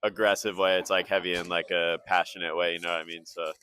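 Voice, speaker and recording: Low, bright-voiced young man rambling. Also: level tone, fast talker, slight background noise. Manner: rambling, heavy use of "like". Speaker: band member. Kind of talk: casual interview chat.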